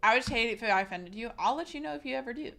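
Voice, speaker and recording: A woman's voice: on the high side, animated, racing, gravelly, sharp tone. A woman streamer, sick, talking frankly and casually straight to her live chat.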